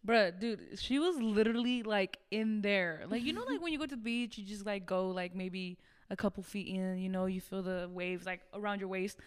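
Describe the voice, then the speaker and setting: A woman's voice: mid-range voice, moderate pace, hardly any pauses, clean tone. A young woman in casual chat with friends, telling a story with lots of slang and swearing.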